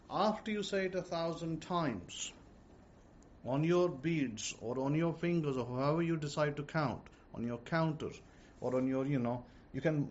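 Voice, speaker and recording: A man giving informal religious teaching, repeating himself and speaking slowly and deliberately. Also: medium pitch. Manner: repetitive, slow and deliberate when dictating words. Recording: dull lo-fi audio with faint noise.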